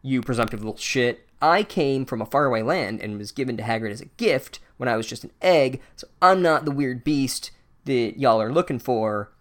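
A man's voice: mid-range voice, normal speed, a bit bright, close to an everyday voice. Man voicing a casual, profane spider king. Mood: laid-back. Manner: casual, profane, mock-serious. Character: laid-back male spider king, blunt and rambling.

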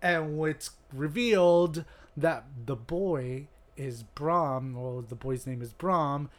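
A man's voice: a little high, takes it slowly. A man co-hosting a podcast, animatedly recapping a horror movie plot at a podcast microphone in casual chat. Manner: animated storyteller, laughs easily. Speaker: podcast co-host.

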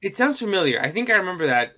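A man's voice: sits high, very animated, racing, pushed and bright. A man co-hosting a podcast in casual chat, talking hesitantly and trailing off. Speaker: podcast co-host.

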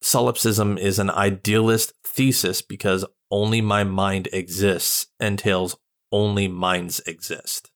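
A man's voice: on the low side, little pitch movement, a bit bright. A man co-hosting a podcast, speaking hesitantly and reading out definitions in casual chat. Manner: halting, hesitant with restarts. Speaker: podcast co-host.

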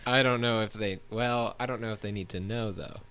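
A man's voice: lowish voice, steady tone, a little fast, fairly bright tone, clear, resonant tone. A man in casual comedic chat, laid-back and rambling, often trailing off.

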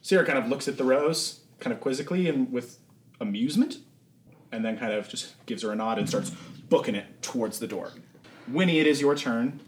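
A man running a tabletop game as game master, narrating and explaining the rules in a relaxed, casual way with many fillers. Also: medium pitch, brisk. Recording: echoey room with faint noise.

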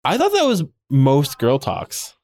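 A man co-hosting a podcast, recapping a TV episode in casual chat. He rambles with many "like" fillers and retells the scenes in an animated way. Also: medium pitch, unhurried. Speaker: podcast co-host.

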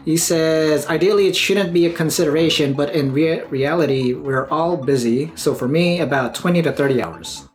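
A man's voice: a little high, moderate pace, few pauses, faint music behind. Laughing, chatty male podcast host. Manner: laughs often while reading listener mail. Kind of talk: casual chat.

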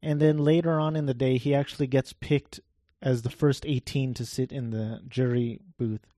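A man giving rambling, wry gameplay commentary in a flat, monotone voice, swearing offhandedly as he talks. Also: medium pitch, normal speed, no room sound, studio quality.

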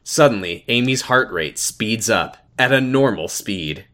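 A man's voice: lowish voice, expressive, measured pace, pushed and bright. A man co-hosting a comedy podcast, reading a fanfic aloud and cutting in with dry, blunt remarks. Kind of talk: casual comedic chat.

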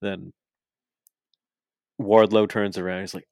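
A man co-hosting a podcast, excitedly recapping wrestling in casual, profane chat and laughing as he goes. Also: on the low side, measured pace, dry recording, studio quality. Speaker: podcast co-host.

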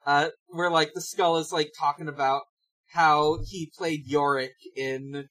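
A man on a casual podcast reads through a comic and stumbles along with lots of fillers and restarts. His voice sits on the higher side for a man, and he takes his time getting each thought out. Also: fairly even intonation, a bit bright, low-quality recording. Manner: halting, many fillers and restarts. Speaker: podcast co-host. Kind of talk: casual chat reading a comic.

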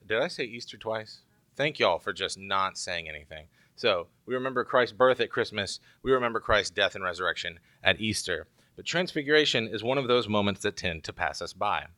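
Bright-voiced man preaching a casual sermon. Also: lowish voice, no echo. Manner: conversational, joking asides. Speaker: pastor.

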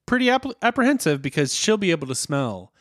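A man's voice: a little high, sing-song, fast talker, a bit bright, no room sound, studio quality. An American man co-hosting a podcast, chatting playfully and laughing easily through an episode recap. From United States. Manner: playful, giggly, jumps into silly voices. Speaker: podcast co-host. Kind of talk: casual recap chat.

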